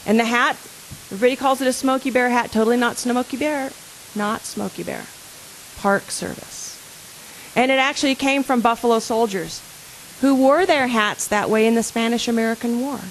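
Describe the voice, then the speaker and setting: A woman's voice: fairly high pitch, fairly quick, slight background noise, poor audio. A woman speaking as a park service official, giving an earnest talk and quizzing her audience. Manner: asks audience questions, earnest and conversational.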